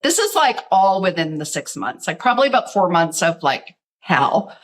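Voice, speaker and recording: A middle-aged woman, a guest artist, telling her story in a casual interview, animated and full of "like". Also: on the low side, normal speed, poor audio. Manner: animated storyteller, acts out quoted voices, says "like" often.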